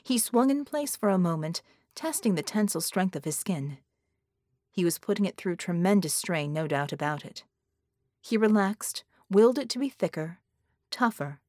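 A woman with a medium-pitched voice narrates an audiobook, delivering scripted narration in a steady, measured storytelling manner. The recording is dry, with clean studio sound.

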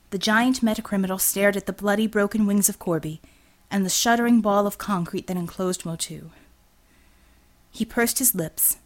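A woman reading an action novel aloud as audiobook narrator, steady and expressive. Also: medium pitch. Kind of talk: scripted narration.

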